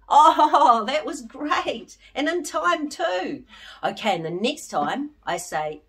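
A woman's voice: mid-range voice, big pitch swings, moderate pace, husky, distant mic. A woman leading children through an interactive song, talking to them directly and encouraging them. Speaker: children's singer and presenter. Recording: speech over loud guitar music.

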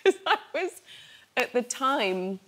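English actress as talk show guest, lively self-deprecating anecdotes. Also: female voice, sits high, slow pace. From England. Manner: animated storytelling with self-deprecating humour.

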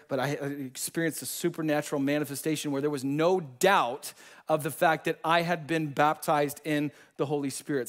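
A man preaching a sermon and telling personal testimonies in a casual, slangy, animated way. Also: a little high. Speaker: pastor.

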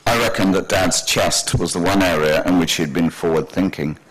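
Man, very low pitch, dry wry storytelling, author reading his own fiction, festival stage mic. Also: moderate pace, low-quality recording. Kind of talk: literary reading. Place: festival stage before an audience.

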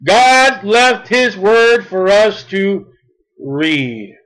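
High-pitched guy preaching, slow on the scripture then quick and pushy. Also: big pitch swings, a bit bright, low-quality recording. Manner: emphatic, reads scripture slowly then speeds up. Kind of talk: sermon.

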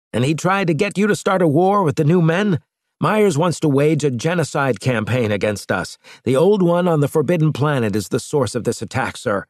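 Man doing starship captain, urgent, insistent, high, lively. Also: dry recording, studio quality, natural voice. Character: resolute young male starship captain.

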